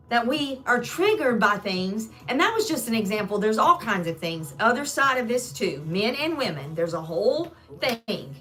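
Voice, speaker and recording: A woman coaching live, talking earnestly and slipping into little acted-out snippets of everyday dialogue to make her point. Her voice sits fairly high, with faint music underneath. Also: a bit bright. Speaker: spiritual life coach.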